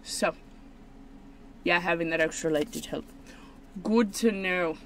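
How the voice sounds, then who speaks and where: Woman host, card-opening video: slow, meandering, self-mocking talk, faint noise behind her. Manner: rambling, self-mocking, with sudden high excited squeals. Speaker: channel host.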